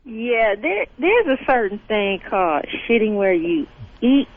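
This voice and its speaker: A woman's voice: on the high side, big pitch swings, a little slow. A woman calling in to a radio show, speaking bluntly and disapprovingly. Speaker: radio call-in caller. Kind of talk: phone call-in. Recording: tinny phone line.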